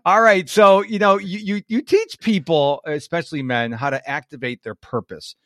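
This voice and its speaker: A man's voice: a little high, normal speed, no echo, clean studio sound. A man hosting a podcast interview, chatting casually with jokes and earnest asides. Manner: animated, jokey and earnest. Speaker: podcast host.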